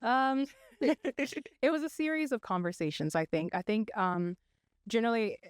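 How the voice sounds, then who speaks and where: A young woman from Congo, raised in South Africa, speaking as a podcast guest and telling her story in a measured, articulate way. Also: on the high side, smooth, dry recording, studio quality. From Democratic Republic of Congo, raised in South Africa. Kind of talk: casual interview chat.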